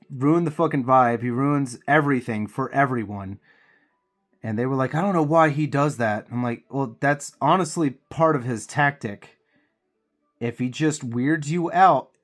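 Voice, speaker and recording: A man with a cold, venting heatedly and profanely while he paints miniatures on his channel. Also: mid-range voice. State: congested with a cold.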